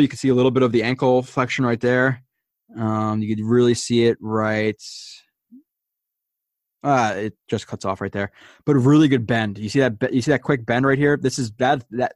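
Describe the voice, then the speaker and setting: A man's voice: medium pitch, no echo, studio quality. A man hosting a show, casually breaking down football game film, thinking aloud with many fillers and restarts. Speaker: host.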